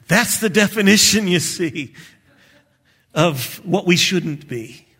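A male pastor preaching a sermon in an animated way, acting out prayers and chuckling at his own jokes. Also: high-pitched, takes it slowly, breathy edge.

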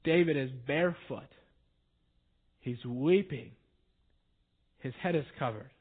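High-voiced male preacher, tinny line. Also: slow, breathy edge. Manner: conversational storytelling, lively. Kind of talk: sermon. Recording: tinny phone-like sound.

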